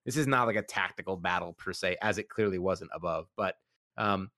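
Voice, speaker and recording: A man's voice: low-pitched, fairly quick, bright, forceful tone, no room sound, studio quality. A man in casual chat recapping a TV episode, rambling and enthusiastic with lots of fillers.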